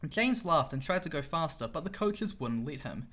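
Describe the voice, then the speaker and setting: Expressive man reading a storybook. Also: a little high, moderate pace. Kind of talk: storybook read-aloud.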